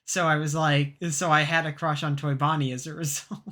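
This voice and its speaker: A young man co-hosting a podcast, telling a story in a rambling, halting way with plenty of fillers and restarts. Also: fairly high pitch, level tone, bright, forceful tone. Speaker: podcast co-host. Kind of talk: casual chat.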